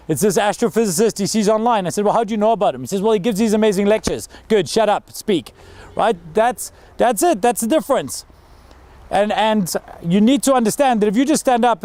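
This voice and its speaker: A man giving an energetic, story-driven talk to school students and acting out the people he quotes. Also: high voice. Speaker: guest speaker. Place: school hall.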